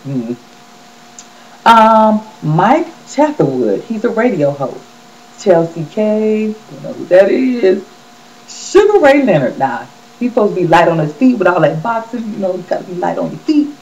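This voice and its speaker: A woman's voice: mid-range voice, very animated, measured pace, a little mellow, lo-fi sound, a little hiss or hum. A woman hosting a casual celebrity gossip vlog, chatty and sassy, talking straight to her viewers.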